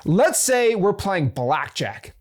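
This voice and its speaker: A man hosting a real estate investing channel, giving casual motivational advice. He plays devil's advocate and talks in quick restarts and fillers. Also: high voice, big pitch swings.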